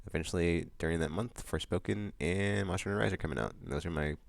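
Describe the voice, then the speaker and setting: A man hosting his monthly vlog, chatting loosely with lots of fillers, restarts and bursts of excitement. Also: low-pitched, fast, vocal fry, no room sound. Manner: excitable outbursts about upcoming games. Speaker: vlog host. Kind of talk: casual rambling monthly vlog chat.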